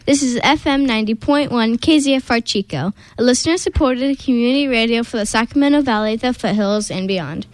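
Woman, radio host, very high voice, dry close studio sound, measured announcing. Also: no echo, poor audio. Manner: measured, deliberate, upbeat reading of announcements.

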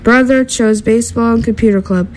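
A woman reading a children's storybook aloud in a steady, gentle way, with small slips and restarts. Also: on the high side, a little fast, slight background noise, poor audio.

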